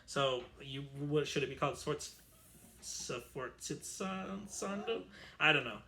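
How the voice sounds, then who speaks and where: A man's voice: mid-range voice, level tone, fairly quick, bright, forceful tone, a little hiss or hum. A man teaching an online string orchestra lesson, chatty and explanatory, correcting himself as he goes. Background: violin playing.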